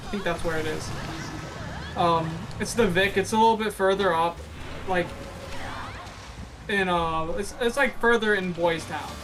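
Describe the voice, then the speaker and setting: A man telling a long story to friends in casual, profane chat, rambling and animated. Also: high voice, a little slow, long pauses, background noise. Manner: rambling, animated, swears a lot.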